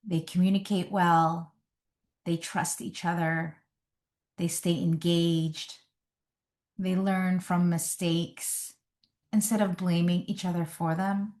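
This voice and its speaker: A woman coach talks through relationship advice directly to the camera. Her voice sits a little low for a woman, and she speaks very slowly and deliberately, leaning on pauses for emphasis. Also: flat delivery, a little mellow.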